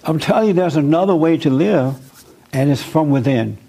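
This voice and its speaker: A man's voice: fairly high pitch, animated, moderate pace, vocal fry, warm tone, low-quality recording. A man leading a spiritual discussion group, preaching earnestly and drawing in listeners with repeated questions and emphatic repetition. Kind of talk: interactive sermon with audience questions.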